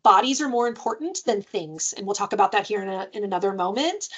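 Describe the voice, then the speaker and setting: A woman's voice: mid-range voice, lively intonation, fast talker. A woman giving an informal parenting webinar, speaking conversationally and often checking in with "right?". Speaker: parenting trainer.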